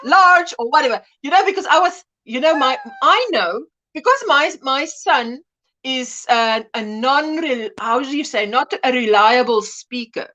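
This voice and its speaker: Speaking at a slightly slow pace, this livestream host has a high, lively woman's voice. Her casual chat is full of laughter, and she reads viewers' comments out loud.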